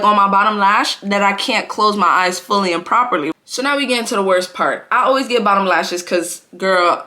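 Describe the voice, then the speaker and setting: A woman's voice: medium pitch, bright, forceful tone. A young woman in a casual storytime vlog, with a mid-range voice for a woman. She talks in a loose, slangy way and fills her sentences with "like" and "bro". She sounds like she is chatting straight to her viewers. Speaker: vlogger.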